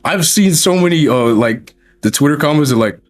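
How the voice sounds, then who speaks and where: A man's voice: a little high, animated, a little fast. A male streamer in casual chat, emphatic and profane, hammering his point with repeated rhetorical questions. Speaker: streamer and host.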